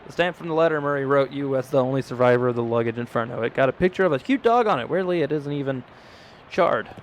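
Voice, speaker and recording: A man's voice: medium pitch, lively intonation, fast talker, slight background noise. A man playing a video game who reads its dialogue aloud, joking and swearing between lines. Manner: reads dialogue in mock old English, swears, jokes. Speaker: gaming YouTuber. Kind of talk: let's play commentary, reading game text aloud.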